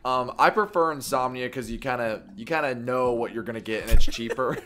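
A man's voice: mid-range voice, fairly quick, pushed and bright. Young man rambling through a story. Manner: rambling storytelling with repeated restarts. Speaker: podcast co-host. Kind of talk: casual chat.

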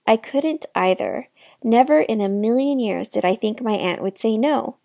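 A woman reading a children's novel aloud with clear storytelling narration. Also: on the high side, expressive, moderate pace, mellow, no echo, studio quality. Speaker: children's book reader.

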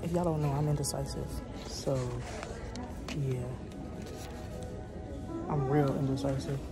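A woman's voice: rumbling low, steady tone, unhurried, loud music behind the voice. A young woman, chatting casually and rambling to her phone camera in a vlog. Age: 20s. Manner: chatty, rambling, uses dialect slang. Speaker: vlogger. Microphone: phone camera held close. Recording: phone recording with clear background noise.

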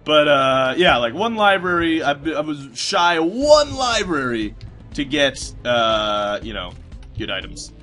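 A man's voice: fairly high pitch, very animated, takes it slowly, bright, forceful tone, soft background music. A man giving casual gameplay commentary, rambling and self-mocking, cursing at the game and slipping into a put-on British accent at times. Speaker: let's play commentator.

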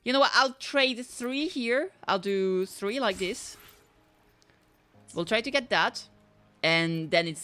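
A woman streaming live as she pulls in a gacha game, reacting dramatically, swinging from squealing shouts to dejected mumbles while chatting to her viewers. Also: medium pitch, animated, takes it slowly, pauses often, faint music behind. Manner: chats to viewers. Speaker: full-time streamer.

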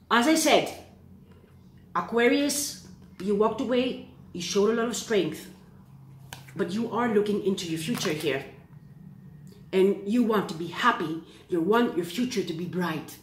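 A woman giving a casual tarot reading to camera. She is excitable and keeps checking in with "okay?". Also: medium pitch, reverberant. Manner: excitable, repeats "okay?" often. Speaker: tarot reader.

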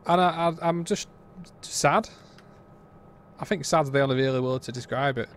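A man's voice: medium pitch, fast, a little hiss or hum. A British man giving a casual, blunt and exasperated game review, rambling with frequent restarts.

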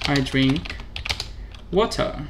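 Gravelly-voiced man chatting haltingly. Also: mid-range voice, expressive, background noise. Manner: halting, self-correcting English with frequent chuckles. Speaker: channel host. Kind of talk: casual vlog while practicing a language.

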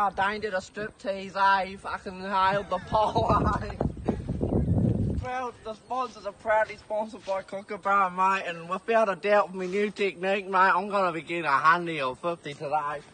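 A man's voice: high voice, close to an everyday voice. A man doing a crude bogan. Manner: crude, swears constantly, rambling slang-heavy patter. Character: crude rambling bogan man doing a cricket pitch report. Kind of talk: comedic mock sports report. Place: outdoors on a cricket ground. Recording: noisy outdoor recording.

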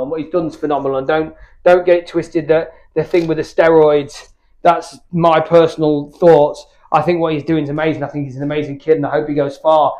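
High-voiced British gym vlogger. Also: male voice, level tone, brisk, darkish tone. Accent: British English. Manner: candid, rambling, swears freely. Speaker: fitness YouTuber. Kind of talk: casual chat between workout sets. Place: home gym.

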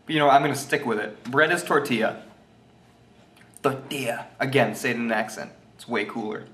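A young man giving a jokey, mock language lesson, goofy and deliberate and unsure of his own facts. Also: mid-range voice, fairly bright tone. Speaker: self-styled language teacher. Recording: roomy echo.

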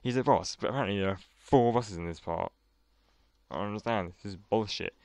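A young man commenting on his gameplay, swearing often and complaining loudly when he loses. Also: on the low side, a little fast, dry recording. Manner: swears a lot, exasperated outbursts. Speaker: gaming channel host.

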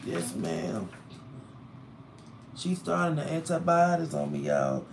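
A man chats on a phone live stream from a hospital room. He sounds tired, with a gravelly edge to his voice. He vents and complains freely while a faint hiss sits under the recording. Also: on the high side, wildly swooping pitch, slow pace. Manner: chatty, vents and complains loudly about hospital bills. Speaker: livestreamer reading comments. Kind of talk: casual live stream chat.

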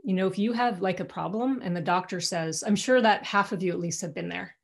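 A middle-aged woman speaks candidly to an alumni audience over a video call from her home. Her voice sits on the low side, and her talk is conversational, often breaking off and restarting mid-sentence. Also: fairly quick, vocal fry. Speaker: guest speaker.

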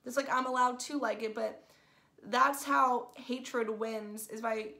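Woman host, fairly high voice, casual spoiler review, excitable and gushing, filler-heavy. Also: slow pace, creaky. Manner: gushing, excitable, says "like" constantly. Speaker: movie reviewer.

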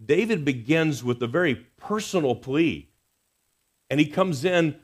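A man preaching a Sunday sermon in a church, earnest and expressive, swinging between emphatic rises and soft, quiet drops. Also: a little high, unhurried, slightly rough. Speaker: pastor. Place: church sanctuary.

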